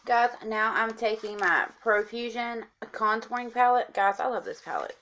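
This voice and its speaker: A woman's voice: a little high, normal speed, fairly bright tone, lo-fi sound, slight background noise. Chatty woman giving a makeup tutorial. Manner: chatty, instructive, addresses viewers as guys. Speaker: makeup vlogger.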